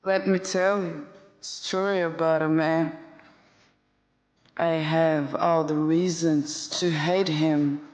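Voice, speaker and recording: A woman's voice: low voice, steady tone, slow. An actress playing an obsessive, unhinged young woman who chants the same phrases over and over. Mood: intimate. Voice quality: repetitive, incantatory delivery. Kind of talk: film acting, chanted monologue. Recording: echoey room with loud music.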